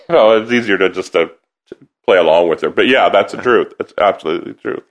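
Low-voiced chatty man telling stories. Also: fast. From American South. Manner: chatty, laughing storyteller with many restarts. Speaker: opera singer, interview guest. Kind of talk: casual interview chat.

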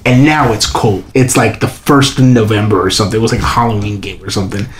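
Animated man telling a story in an echoey room. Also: quick pace, slight background noise. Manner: animated, acts out quoted voices in a high pitch. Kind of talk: casual storytelling. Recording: echoey room with faint ambience.

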